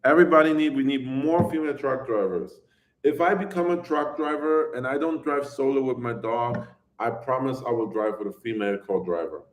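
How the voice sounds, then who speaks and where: A man's voice: medium pitch, a little fast. A man chatting casually on a live stream, rambling and oversharing as he answers his viewers' questions and laughs often.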